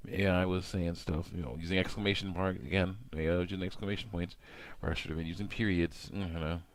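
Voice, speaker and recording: A man's voice: deep voice, fairly even intonation, fast. A man talking casually while working with his hands, rambling and padding his talk with hums of "mm" and "you know", often acting out his own remarks.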